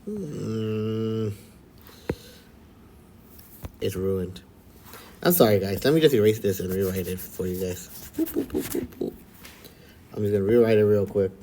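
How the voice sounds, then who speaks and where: A man's voice: on the low side, normal speed, background noise. Laid-back male math teacher. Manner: relaxed and chatty, checks in with frequent "all right?" and "okay?". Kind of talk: casual recorded lesson for students.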